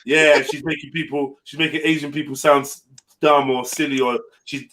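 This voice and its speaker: A man's voice: on the high side, fairly even intonation, normal speed, sharp tone. Teasing man on a stream panel. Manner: teasing, slangy banter. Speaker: panel guest. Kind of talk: casual chat.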